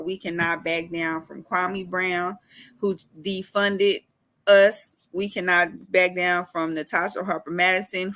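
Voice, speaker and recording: A woman's voice: on the low side, bright, forceful tone. A woman urban farmer ranting in a casual vlog, emphatic and repetitive, cussing freely.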